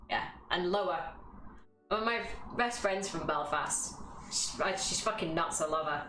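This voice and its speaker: A woman's voice: lowish voice, moderate pace, fairly bright tone, slight background noise. A young woman with a cough, leading a live-stream yoga class in casual chat, laughing often and swearing freely. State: has a cough. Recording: roomy room with faint music.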